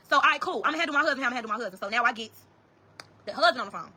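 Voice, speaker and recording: A woman's voice: fairly high pitch, lively intonation, racing, bright, forceful tone. A woman telling a story to her viewers in a casual, profane, emphatic way, often calling out to "y'all".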